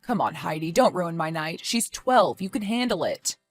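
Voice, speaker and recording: A woman voicing a careless father who breezily brushes off his girlfriend's worries in an animated story. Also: lowish voice, moderate pace, faint music behind, voice pushed down. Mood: dismissive. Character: dismissive careless father, a grown man. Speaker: boyfriend and father.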